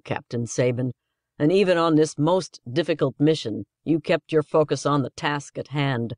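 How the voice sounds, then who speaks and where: A man reads as a stern male general, formal and guarded. The voice sits near the reader's own pitch, lightly lowered. Dry, close audiobook sound. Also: no room sound, close to an everyday voice. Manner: professional, clipped.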